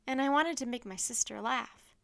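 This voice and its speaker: A woman's voice: on the high side, moderate pace, creaky, dry recording, studio quality. A woman voicing an earnest, curious young boy who speaks eagerly.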